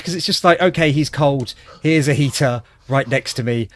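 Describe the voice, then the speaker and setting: A man's voice: mid-range voice, normal speed. A man from Wales chatting as a gaming streamer, reacting with disgust and cracking self-deprecating jokes. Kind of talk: casual gaming commentary.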